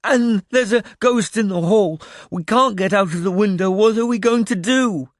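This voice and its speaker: A man narrating an audiobook, voicing a frightened young boy who cries and pleads in a hoarse, high, strained voice. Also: animated, fairly quick, fairly bright tone, no room sound, studio quality. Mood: sobbing. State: crying, hoarse.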